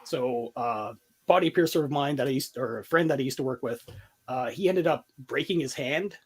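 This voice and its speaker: A man's voice: medium pitch, normal speed, husky. A man in his forties, a podcast host and tattoo artist, telling stories in casual chat and swearing freely. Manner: animated storyteller, swears freely.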